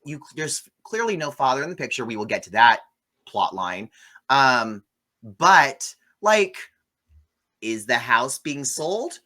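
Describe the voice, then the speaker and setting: A man hosting a casual movie review chat, animated and gossipy, often swearing. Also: medium pitch, slow pace. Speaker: host.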